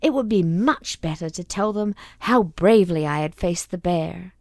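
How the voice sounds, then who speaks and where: A woman reading a novel aloud in slow, expressive narration on a close mic. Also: fairly low pitch, no echo. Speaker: audiobook reader.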